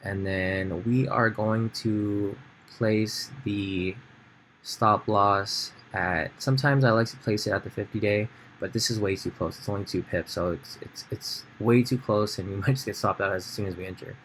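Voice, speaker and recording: A man with a fairly low voice walks through a trading chart in a relaxed, conversational way, pausing on fillers and restarting his sentences. A faint hiss of noise sits under his voice. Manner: casual, thinks aloud with fillers and restarts. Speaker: trading educator. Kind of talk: screen-share trading tutorial.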